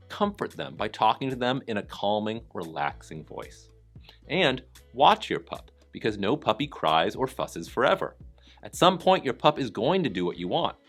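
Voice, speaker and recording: Male voice-over for a training video: calm and encouraging, lively in pitch, soft music underneath. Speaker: dog trainer narrating a lesson. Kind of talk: scripted voice-over narration.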